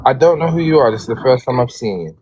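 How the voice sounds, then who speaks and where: A man's voice: mid-range voice, animated, quick pace, darkish tone, lo-fi sound, a little hiss or hum. A man with an English accent hosting a game on a livestream, polite and hesitant, with fillers and restarts. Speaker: game host.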